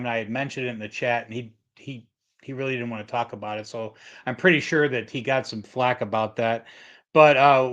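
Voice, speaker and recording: Middle-aged male livestream host, rambling storyteller, muffled lo-fi sound, mid-pitched voice. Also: a bit bright. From Michigan. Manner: rambling storyteller, reads chat comments aloud. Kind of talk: casual livestream chat.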